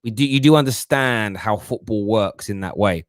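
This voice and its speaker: Animated football show host. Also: male voice, fairly low pitch, normal speed, no echo, clean studio sound. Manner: animated, mocking put-on voices, London slang like "bruv". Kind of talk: live fan show chat answering viewer comments.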